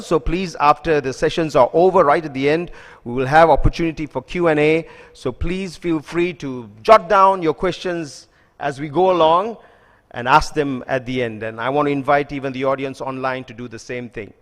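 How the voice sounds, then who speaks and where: A man introducing a speaker as the event host, brisk and full of filler words. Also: a little high. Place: lecture hall. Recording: reverberant hall.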